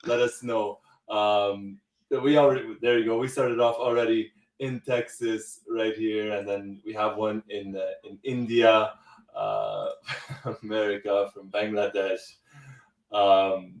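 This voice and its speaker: A man hosting a live stream, excited and laughing often as he greets viewers and reads out where they are watching from. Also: on the low side, slow, far from the mic. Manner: laughing, elated, reading out viewer locations. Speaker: show host. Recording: roomy echo, a bit off-mic.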